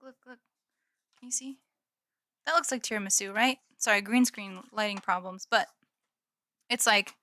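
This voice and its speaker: A woman's voice: a little high, bright, forceful tone. A woman chatting casually on a live stream from her room at home, giggling and swearing now and then while she snacks. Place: home room with green screen.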